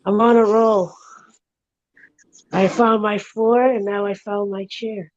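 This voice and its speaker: A woman's voice: mid-range voice, flat delivery, slow, no echo, dull audio. A woman hosting a casual livestream chat from her home room, telling stories in a rambling, giggly way.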